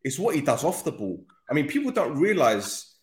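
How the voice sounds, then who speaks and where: A man's voice: fairly high pitch, big pitch swings, moderate pace. A man hosting a casual football interview, chatty and rambling, joking with guests. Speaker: podcast host. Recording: echoey room.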